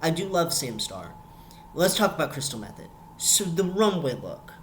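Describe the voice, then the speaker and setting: A man's voice: on the high side, sing-song, moderate pace, a little hiss or hum. Rambling young man ranting in a review vlog. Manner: rambling, repeats words, emphatic rants. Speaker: reality show reviewer.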